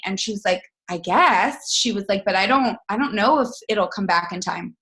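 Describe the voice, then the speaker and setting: A woman's voice: mid-range voice, animated, brisk, few pauses, a bit bright. A woman in her thirties telling a personal story as a guest speaker, acting out her own dialogue. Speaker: guest speaker on a team call. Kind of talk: storytelling talk on a conference call.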